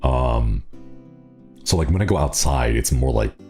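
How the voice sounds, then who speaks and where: A man's voice: a bass voice, lively intonation, a little slow, dark tone, soft background music. A young man streaming, chatting casually with viewers, rambling with frequent laughs and restarts. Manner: rambling, laughs often, many restarts and fillers. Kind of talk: casual chat reading viewer comments.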